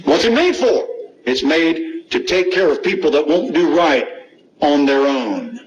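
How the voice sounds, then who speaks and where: A man's voice: fairly high pitch, big pitch swings, a little slow, rough recording. A middle-aged man, preaching a sermon, reading scripture with emphasis and asking the congregation rhetorical questions.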